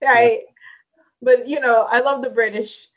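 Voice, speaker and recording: An American woman hosting an interview, chatty and quick to laugh, with lots of "you know". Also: fairly high pitch, steady tone, muffled recording. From United States. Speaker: interview host. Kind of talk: casual interview chat.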